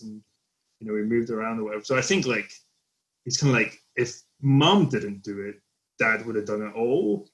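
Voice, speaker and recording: A man's voice: medium pitch, a little fast, fairly bright tone. A man from the UK, a podcast guest, talking casually and reflectively about family, often trailing off. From United Kingdom.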